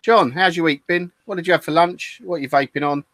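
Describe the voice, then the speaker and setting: A man's voice: fairly high pitch, fast, fairly bright tone, no room sound. A British man co-hosting a casual chat show, easygoing and chatty. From United Kingdom. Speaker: podcast co-host.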